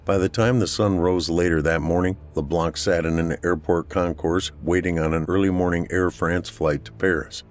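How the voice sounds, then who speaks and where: A man reading a scripted story as narrator, with a slow, steady delivery. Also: sits low.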